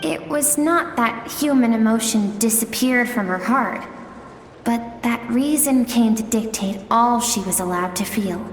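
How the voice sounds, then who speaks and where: A woman voicing a gentle female storyteller who recounts memories in slow, measured, wistful narration for a game cutscene. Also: on the high side, lightly acted. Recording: echoey hall sound over game music. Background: music.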